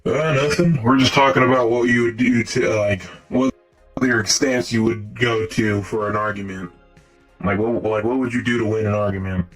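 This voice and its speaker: A man's voice: lowish voice, fairly even intonation, normal speed, faint music behind, rough recording. A man bantering and teasing his friends in casual voice chat role-play.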